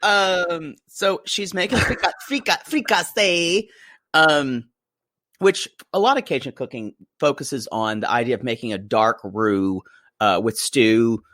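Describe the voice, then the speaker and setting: Animated, gossipy man podcast co-host. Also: medium pitch, measured pace, dry recording, studio quality. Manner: playful, gossipy, laughs often. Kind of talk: casual chat recapping a TV show.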